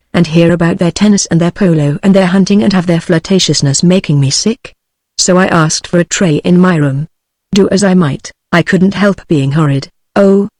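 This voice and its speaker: A text-to-speech woman's voice with a British English accent, reading a novel aloud in an even, machine-like delivery. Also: on the low side, no echo, clean studio sound. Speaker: audiobook narrator.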